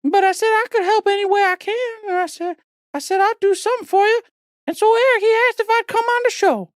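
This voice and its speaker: A chatty little male Christmas elf rambles in a very high, squeaky voice, folksy and grumbling as he pleads. It is a comic podcast bit, with the voice sitting close and dry with no room sound around it. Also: fast, no room sound. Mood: pleading. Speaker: podcast host.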